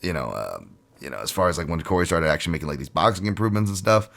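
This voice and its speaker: A man's voice: low-pitched, lively intonation, rapid-fire, creaky, fairly bright tone. A man hosting a solo podcast in a casual, rambling, profane way, with lots of fillers. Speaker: podcast host.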